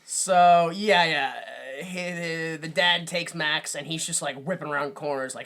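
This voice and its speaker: A woman's voice: low voice, fairly even intonation, measured pace, few pauses, a bit bright. A woman co-hosting a podcast, casually recapping a movie and acting out its characters with laughs. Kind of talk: casual chat.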